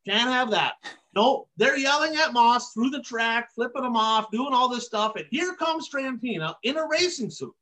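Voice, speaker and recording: A man's voice: extremely high pitch, expressive, moderate pace, hardly any pauses, pushed and bright. A man hosting a racing podcast, ranting emphatically in casual commentary and hammering his points with repeated catchphrases. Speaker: podcast host. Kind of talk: heated casual commentary on dirt track racing.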